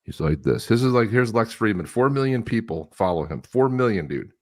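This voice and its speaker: A man's voice: fairly low pitch, lively intonation, a little fast. A man co-hosting a live-stream show, talking in a rambling, chatty way with lots of restarts. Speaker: co-host. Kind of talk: casual live-stream chat.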